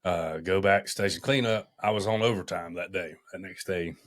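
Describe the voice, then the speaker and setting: A man, a firefighter guest, tells his story on a podcast, halting often and restarting his sentences. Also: sits low.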